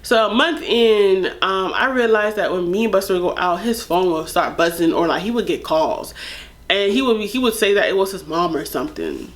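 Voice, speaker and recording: Young woman vlogger spilling a storytime, animated and candid, lots of "like". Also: medium pitch, brisk. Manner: animated, candid, chatty with fillers. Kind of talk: casual storytime.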